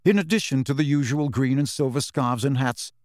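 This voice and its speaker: A man narrating an audiobook in a measured storytelling manner. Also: mid-range voice, a little mellow, no echo, studio quality. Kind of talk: scripted narration.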